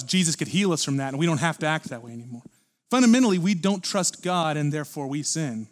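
A man preaching a sermon at a church service, earnest and building to forceful emphasis. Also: fairly high pitch. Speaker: pastor.

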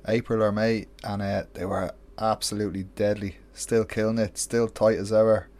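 A man's voice: lowish voice, level tone, moderate pace, a little mellow. Chatty man introducing a song. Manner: enthusiastic, loose and chatty with swearing. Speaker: radio show host.

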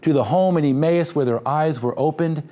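A man's voice: fairly high pitch, moderate pace, dark tone. A man preaching a sermon in a conversational, humorous style, with asides to the congregation. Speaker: pastor.

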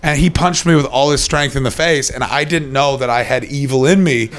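A man from Canada doing stand-up comedy, telling a story to a live audience and acting out other people's lines in quick voices. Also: medium pitch. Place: stage before a live audience.

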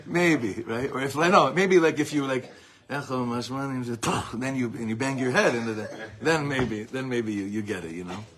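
A middle-aged man, a rabbi giving an informal Torah talk to a small group, telling animated stories with laughter and mixing Hebrew and Yiddish words into his English. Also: mid-range voice, moderate pace, hardly any pauses, a crowd in the background. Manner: animated, rambling storytelling with frequent laughter.

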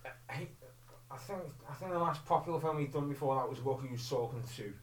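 A man's voice: medium pitch, brisk. A man arguing about films in a casual chat, dry and contrary. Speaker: co-host. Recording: roomy, distant mic with faint hum.

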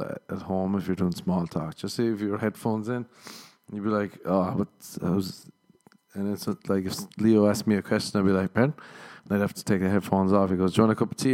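This podcast host, a comedian, speaks in a low, warm voice. Talking casually on his own, he wanders from thought to thought, teasing himself and cursing freely.

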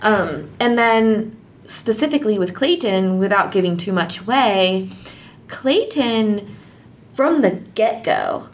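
Animated, giggly woman podcaster. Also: medium pitch, slow pace. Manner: animated, laughs often, hedges with "like". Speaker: podcast co-host. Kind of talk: casual book discussion.

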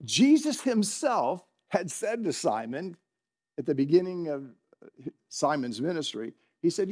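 Middle-aged male pastor with a high voice; conversational preacher who chuckles and quizzes his church. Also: sing-song, unhurried, a little mellow. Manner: conversational, asks the congregation questions, chuckles often. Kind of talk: sermon. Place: church in front of a congregation.

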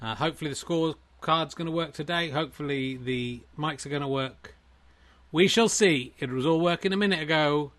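A man's voice: fairly high pitch, normal speed, fairly bright tone. A man hosting a comic solo sketch, full of wry, self-mocking asides. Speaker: comedian host.

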